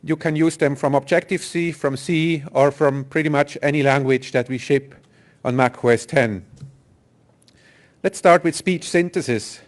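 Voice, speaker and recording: A man's voice: fairly high pitch, moderate pace. A man giving a technical conference talk, explaining step by step with some fillers and restarts. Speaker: software engineer presenter.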